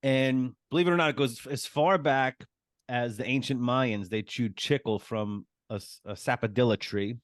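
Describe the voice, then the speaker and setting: A man's voice: medium pitch, moderate pace, dry recording, studio quality. A man, a guest comedian, talking through joke ideas in a casual chat, storytelling and acting out little voices. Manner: storytelling, acts out voices for jokes.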